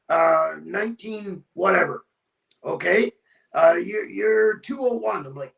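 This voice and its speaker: A man's voice: sits high, a little slow, vocal fry, distant mic. A man guest telling a long story casually and acting out the dialogue with energy. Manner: animated, acts out the dialogue in his story.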